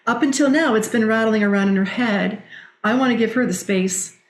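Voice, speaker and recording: Middle-aged woman guest, lively storyteller, quotes others, roomy echo. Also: fairly high pitch, fairly quick. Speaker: guest, direct selling leader. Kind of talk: conversational podcast interview.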